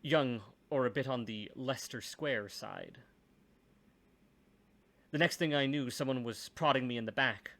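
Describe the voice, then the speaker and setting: A man's voice: mid-range voice, unhurried, pauses often, a bit bright. A man reading a first-person story aloud, with dry, wry asides.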